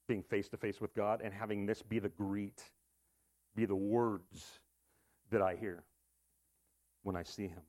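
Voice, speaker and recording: A man's voice: on the low side, flat delivery, a little slow, long pauses, a little mellow. A man preaching a sermon in a casual, conversational way, with asides and rhetorical questions. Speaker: pastor.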